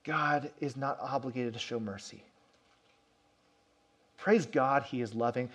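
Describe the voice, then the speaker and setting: Here a man preaches as a pastor, acting out quoted lines within a story with rising and falling emphasis. His medium pitch sounds a bit bright and husky, and he speaks unhurriedly with long pauses.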